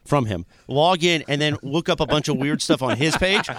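Lively, playful man on radio. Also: fairly high pitch, normal speed, no room sound. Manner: playful, jokey. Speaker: radio show co-host. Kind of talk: casual radio show chat.

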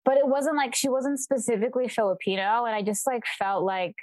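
A woman's voice: fairly high pitch, steady tone, brisk, a little mellow, no room sound. A young woman chats loosely as a podcast guest. Her talk is full of "like" and "you know", and she laughs often. The sound is dry and close. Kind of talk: casual interview chat.

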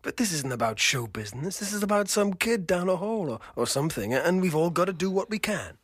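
Husky cartoon rock star, pompous, lively pitch. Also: male voice, fairly quick, no room sound, clean studio sound, exaggerated voice. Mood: self-important.

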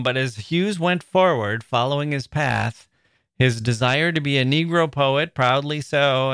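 A man's voice: medium pitch, fairly bright tone, clean tone, no room sound, studio quality. A man hosting a literary podcast, talking thoughtfully and expressively, often reading aloud with feeling. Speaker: podcast host.

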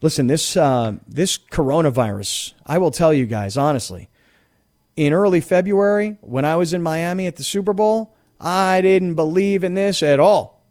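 A middle-aged man hosting a sports talk radio show in a studio, talking in an animated, rambling way and acting out the voices of the people he quotes. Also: on the high side, normal speed.

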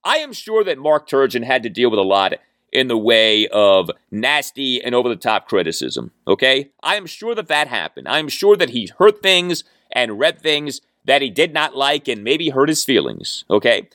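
A man's voice: medium pitch, big pitch swings, normal speed, fairly bright tone, no echo, clean studio sound. Emphatic male sports talk host. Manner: emphatic, argumentative, keeps asking "okay?". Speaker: podcast host. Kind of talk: opinionated sports talk monologue.

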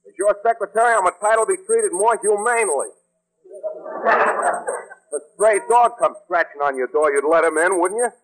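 A man's voice: high-pitched, normal speed, long pauses, background noise, lightly acted. An actor playing a brash, wheedling, wisecracking male secretary in a 1940s radio sitcom.

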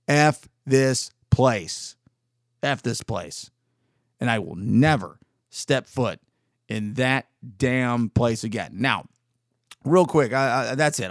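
A man's voice: mid-range voice, no echo, studio quality. A man talking in a casual, rambling monologue, exasperated and full of restarts.

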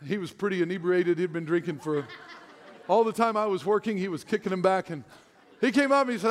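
In a high, animated voice that runs a little fast, a middle-aged pastor preaches in a large church hall. Long hall reverb surrounds his self-deprecating stories and frequent laughter.

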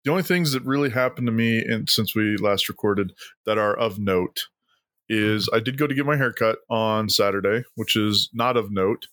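A man co-hosting a podcast, chatting casually and telling animated stories with frequent laughs. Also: lowish voice, moderate pace, no room sound, clean studio sound. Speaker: podcast co-host. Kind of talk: casual chat.

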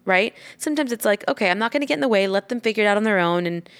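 Chatty, animated woman telling a story. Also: mid-range voice, rapid-fire, smooth. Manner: animated, swears freely, acts out quoted lines. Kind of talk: casual storytelling chat.

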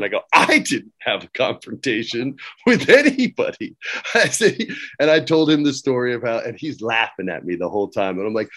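A middle-aged man telling stories as a guest, lively and laughing as he acts out quoted lines. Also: medium pitch, moderate pace. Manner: laughs often while talking. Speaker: guest recalling work as a wrestling writer. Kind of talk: casual anecdote-telling.

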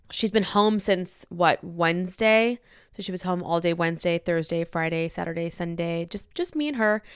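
Woman host, 30s, casual and unfiltered, smooth tone, dry recording. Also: mid-range voice, no echo. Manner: rambling, candid, swears freely. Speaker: podcast host. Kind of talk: casual chat.

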